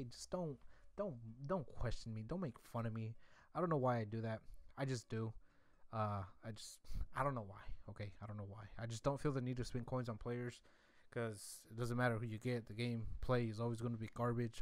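A young gaming YouTuber with a medium-pitched voice, recorded dry, rambles casually while opening game card packs. He repeats himself and throws in mock-defensive asides.

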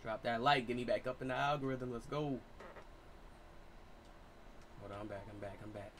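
A man's voice: mid-range voice, moderate pace, noisy background. A young man streaming a basketball video game live, talking loosely in slang to his teammates and his chat. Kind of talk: casual live game commentary.

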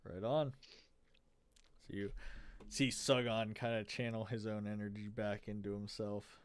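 A man's voice: on the low side, flat delivery, measured pace, clean tone. A man running a tabletop game as game master, casual and laid-back, swearing freely.

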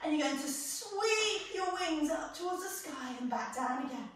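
A young Englishwoman with a British accent leads children through a pilates class in a sing-song, playful, encouraging manner. Her high, slightly bright voice has lively intonation and a moderate pace, picked up off-mic in an echoey room.

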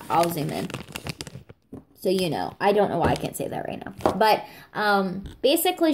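A woman reviewing products in a casual, gushing chat, a little sniffly, full of fillers. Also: lowish voice. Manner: gushing, chatty, many fillers, addresses viewers as y'all. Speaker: vlogger reviewing scented products.

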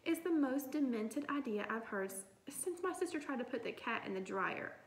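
A woman's voice: on the high side, animated, moderate pace, a little hiss or hum, pitched above the performer's own voice. A woman voicing a bossy, indignant sixth-grade girl who scoffs at her classmates' plan. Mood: scornful. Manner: scornful, exasperated. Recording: roomy echo.

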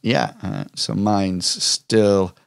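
Slow, hesitant male game master. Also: fairly low pitch, steady tone, gravelly, dry recording, clean studio sound. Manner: hesitant, many fillers and restarts. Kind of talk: narrating a tabletop game.

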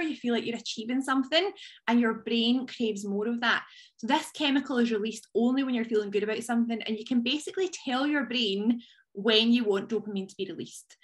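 A woman talks her team through a motivational training session over a video call. Her voice sits on the higher side. She is lively and conversational, with bursts of playful excitement. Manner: energetic, chatty, jumps into high playful voices.

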